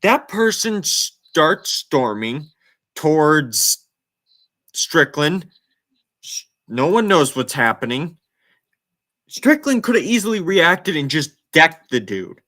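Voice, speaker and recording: A man's voice: fairly high pitch, very animated, takes it slowly, pauses often, sharp tone. A man hosting a casual sports talk show, emphatic and incredulous as he breaks things down. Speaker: podcast host.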